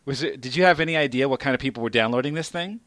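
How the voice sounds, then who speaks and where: A man's voice: medium pitch, fairly bright tone, no room sound. Joking podcast host man, dry sound. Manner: joking, interrupts with quick questions. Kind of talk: casual podcast chat.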